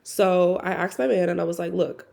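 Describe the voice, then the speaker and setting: A woman's voice: on the low side, steady tone, brisk, creaky, dark tone. A young woman hosting a podcast, telling a personal story in casual, candid talk full of fillers and swearing. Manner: candid, profane, conversational with many "like" fillers. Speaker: podcast host.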